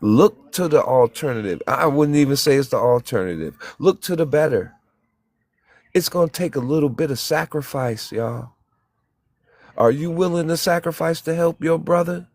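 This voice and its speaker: A man's voice: on the high side, animated, normal speed, darkish tone, no room sound, clean studio sound. A man in a heated group talk, preaching and telling stories with acted-out quotes and some cussing. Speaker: panelist. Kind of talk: impassioned group discussion.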